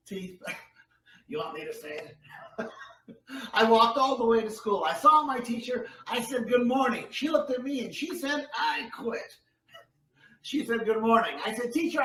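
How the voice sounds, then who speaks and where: A man's voice: high voice, a bit bright. A man performing a comedy ventriloquism act, telling stories in an upbeat, encouraging way. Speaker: guest ventriloquist. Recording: echoey room, distant mic, faint noise.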